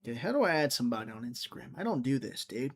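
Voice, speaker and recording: A man's voice: medium pitch, sing-song, rapid-fire, breathy edge. A man hosting a casual livestream, rambling and joking as he answers viewers' chat comments. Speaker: livestream host.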